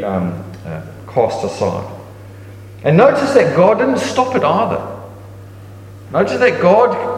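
A man giving a sermon in a conversational preaching style, leaping up in pitch to stress a point and often restarting his sentences. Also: a little hiss or hum. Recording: echoey hall with long reverb.

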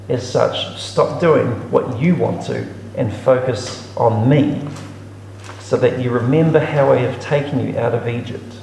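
A warm, medium-pitched male voice with vocal fry reads Bible passages at an unhurried pace, then reflects on and explains them in a teaching manner. The room is echoey with long reverb, and there's slight background noise.

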